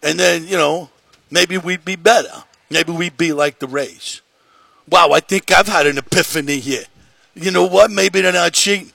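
A man doing a brash, blustery New York sports radio host, laying the accent on thick. The voice is gravelly and a little husky, sitting somewhat high, and it sounds dry and close to the mic. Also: normal speed, sharp tone, no echo, full character voice. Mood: mocking, blustery.

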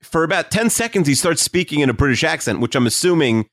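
A man's voice: a little high, big pitch swings, quick pace, a bit bright, no echo, clean studio sound. Hesitant man musing over a sitcom. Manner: hesitant, restarts and fillers, speculative. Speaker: podcast co-host. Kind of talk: casual chat analyzing a sitcom.

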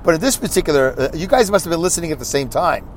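A man's voice: fairly high pitch, racing. Guy rambling through listener comments on his podcast, bouncy up and down voice, faint hum behind. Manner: rambling and animated, with mocking asides. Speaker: podcast host. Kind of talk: casual monologue reading listener comments.

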